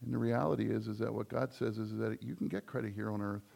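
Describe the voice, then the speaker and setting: A man's voice: fairly low pitch, steady tone, quick pace, gravelly, a little mellow. A man preaching a sermon as the church's pastor, in a conversational style that builds to emphatic points.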